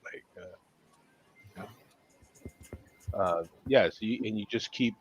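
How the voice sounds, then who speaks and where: A man hosting a casual video-call beer chat, jokey and laughing often, with halting restarts. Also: lowish voice, breathy edge. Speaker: host. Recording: muffled lo-fi call audio.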